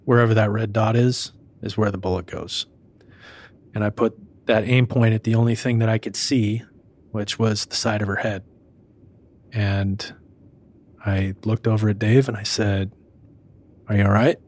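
A man, a police detective, recounting an incident in an interview in a steady, matter-of-fact way. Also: lowish voice, moderate pace, pauses often.

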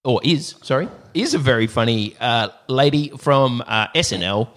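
A man's voice: mid-range voice, lively intonation, moderate pace, a bit bright. A man hosting a podcast in casual chat, playful and jokey. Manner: playful, jokey, mock-stern with kids. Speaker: podcast host.

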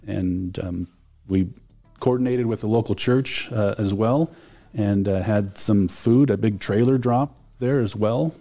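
A man's voice: on the low side, a little slow, mellow, faint music behind. A man talking as a studio guest, telling stories with enthusiasm and frequent fillers. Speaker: alumni relations director, guest. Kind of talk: casual studio conversation. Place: radio studio.

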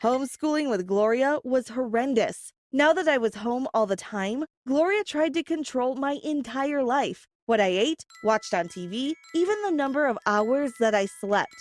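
Woman, story narration, higher pitch, earnest plain telling, faint music behind. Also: animated, normal speed, few pauses, no echo. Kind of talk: scripted first-person story narration.

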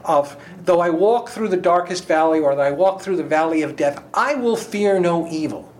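A man's voice: fairly high pitch, expressive, moderate pace. A man on a Bible study panel, speaking earnestly and emphatically as he quotes scripture. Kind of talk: casual Bible discussion.

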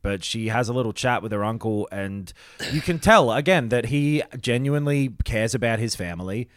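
A man's voice: mid-range voice, moderate pace, smooth, no echo, clean studio sound. A man co-hosting a casual podcast, recapping TV episodes and swearing freely as he paraphrases scenes. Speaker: podcast co-host.

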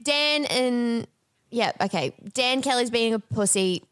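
A woman's voice: on the high side, a little slow, fairly bright tone. A woman co-host in casual chat, teasing and laughing often. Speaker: podcast co-host.

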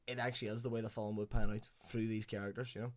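Fast-talking man. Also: fairly low pitch, little pitch movement. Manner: chatty, enthusiastic, swears casually. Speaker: podcast co-host reviewing films. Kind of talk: casual chat.

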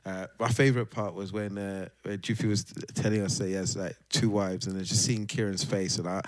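A man co-hosting a podcast in relaxed casual chat who hands topics to the others. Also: on the low side, brisk, no room sound. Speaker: podcast co-host.

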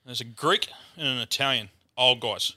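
A man's voice: mid-range voice, moderate pace, sharp tone, no echo, clean studio sound. A young Australian man, a comedian, telling crude jokes in a casual sweary pub chat and putting on voices for the characters. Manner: sweary, storytelling with put-on voices. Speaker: guest comedian.

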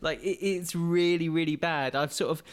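A man's voice: on the high side, fairly even intonation, moderate pace. A young British man co-hosting a podcast, chatting casually and laughing at himself. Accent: British English. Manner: chatty, self-mocking, laughs often. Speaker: podcast co-host. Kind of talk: casual chat.

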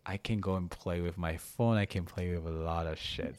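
A man with a lowish voice chats casually on a podcast, rambling through fillers and restarts. He is recorded close and dry, with little room sound around him. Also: fairly even intonation, moderate pace, a little mellow, clean tone, dry recording. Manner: rambling with many fillers and restarts, laughs easily. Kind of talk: casual chat.

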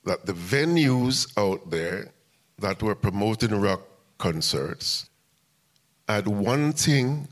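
Older male interview guest with a very low voice, telling a long anecdotal story step by step. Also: lively intonation, slow pace. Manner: recounts events step by step, acting out quoted dialogue. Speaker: music promoter and interview guest.

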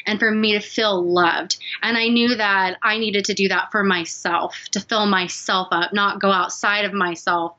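A woman's voice: medium pitch, sharp tone, muffled recording. A woman guest telling a personal story in an earnest, confiding, emotional way. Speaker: podcast guest.

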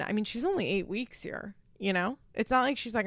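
A woman's voice: medium pitch, expressive, moderate pace, gravelly, few pauses, a bit bright, clear, resonant tone, no echo, studio quality. A woman giving her casual opinions on a reality show, talking frankly with lots of fillers and restarts. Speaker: reality TV commentator.

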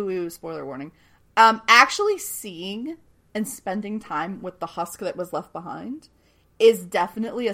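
A woman's voice: lowish voice, fairly bright tone. A woman co-hosting a casual podcast, recapping a TV episode with lots of laughter and the odd swear word. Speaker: podcast co-host.

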